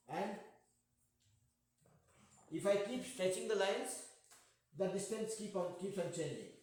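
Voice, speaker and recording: A man's voice: high-pitched, lively intonation, a little slow, long pauses, darkish tone. A man with an Indian accent teaching a math class, patient and jokey, often checking in with students. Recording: echoey room.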